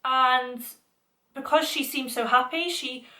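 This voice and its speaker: A woman's voice: high-pitched, slow, sharp tone. A young woman vlogger chatting through a personal story in a casual, filler-heavy, emotional way. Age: young adult.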